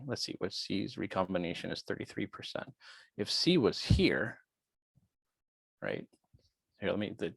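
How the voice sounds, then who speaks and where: A man's voice: low voice, creaky, no echo. A man lecturing on biology in an online class, working through quiz questions and thinking aloud in a chatty way.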